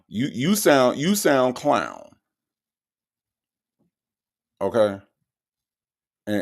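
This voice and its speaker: Man, gravelly low voice, lively swooping pitch, sassy mocking commentary. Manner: reads viewer comments aloud. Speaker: show host reacting to recorded calls.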